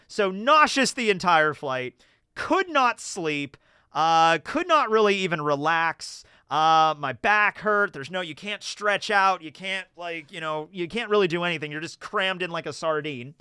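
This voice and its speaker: A young American guy on a casual stream picks questions from chat and answers with long, lively, filler-heavy stories. His high voice has a clean tone and a moderate pace, captured in a dry, clean studio recording.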